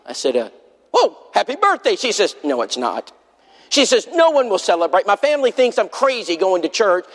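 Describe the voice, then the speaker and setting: A man's voice: high voice, sing-song, brisk, a bit bright. A man preaching a sermon, pleading with the congregation and telling a story full of quoted dialogue. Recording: long hall reverb.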